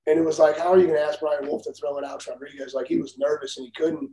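A man, a former major league pitcher, telling blunt, profane stories in a casual talk and laughing often. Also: level tone, rapid-fire, reverberant, a crowd in the background, low-quality recording. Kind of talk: casual storytelling.

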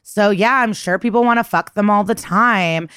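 A woman's voice: mid-range voice, normal speed, fairly bright tone, smooth, dry recording, clean studio sound. A woman co-hosting a podcast, recapping a TV episode in a casual, profane, chatty way. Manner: profane, chatty retelling full of "like". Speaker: podcast co-host.

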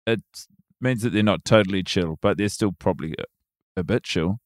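A comedian from New Zealand with a New Zealand accent, chatting in a wry, understated way as a podcast guest. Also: male voice, sits low, moderate pace, no room sound, studio quality. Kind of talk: casual comedy chat.

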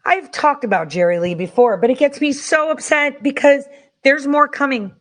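Woman, host, angry commentary, swears a lot, repeats herself, fairly high-pitched. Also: normal speed. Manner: profane, heated, repeats herself.

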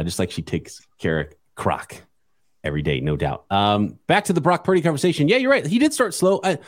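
A man's voice: mid-range voice, dry recording, clean studio sound. A man hosting a sports podcast, talking bluntly and chattily with frequent restarts. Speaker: podcast host. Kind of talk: casual sports chat.

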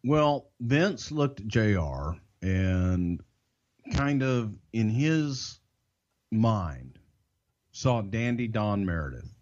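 A man's voice: on the low side, big pitch swings, a little mellow. Southern man, co-host, drawling and emphatic, swears freely; slightly muffled podcast mic. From Southern United States. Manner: drawn-out, emphatic, salty storyteller. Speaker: podcast co-host and wrestling insider. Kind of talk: casual storytelling. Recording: dull lo-fi podcast audio.

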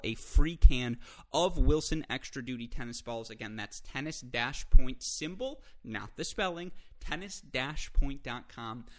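A man from the United States hosting a solo podcast, talking through the week's action in an energetic, conversational way with self-deprecating asides. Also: mid-range voice. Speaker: podcast host.

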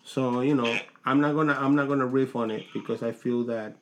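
A man co-hosting a podcast in casual chat, telling stories in a halting way with many restarts. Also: mid-range voice, fairly even intonation, fairly bright tone. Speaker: podcast co-host.

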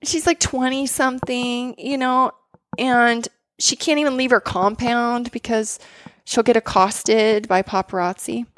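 A woman's voice: fairly high pitch, measured pace, no room sound. A woman in casual conversation, telling stories animatedly with lots of fillers. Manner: animated storytelling with many fillers.

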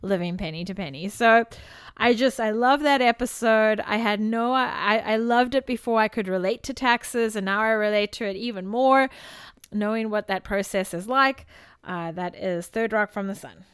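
A woman's voice: mid-range voice, normal speed, smooth, dry recording, clean studio sound. A woman co-hosting a podcast, chatting casually and laughing as she retells things. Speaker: podcast co-host. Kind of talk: casual chat.

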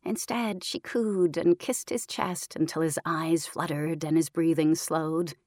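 A woman narrating a story in a calm, measured, even reading, close to the mic. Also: low-pitched, no room sound. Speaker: audiobook narrator. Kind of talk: scripted narration.

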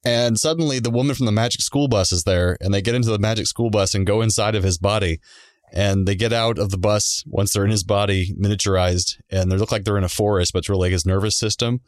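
A man's voice: lowish voice, fairly even intonation, fast, no echo, studio quality. A man co-hosting a podcast in loose casual chat, laughing often as he talks. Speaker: podcast co-host.

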